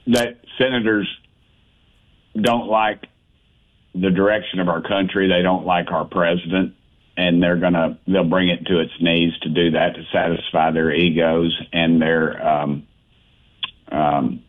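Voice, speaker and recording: A man talks in a folksy, blunt, plainspoken way. His voice is very low. He comes through a tinny, narrow phone line. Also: little pitch movement, unhurried. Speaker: congressman, radio guest. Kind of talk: phone-in radio interview.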